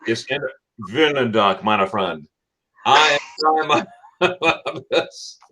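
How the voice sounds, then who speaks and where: A man's voice: mid-range voice, lively intonation, slow pace, sharp tone, low-quality recording. A man hosting a casual live-stream chat, stammering over his words, repeating himself and laughing often. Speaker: channel host.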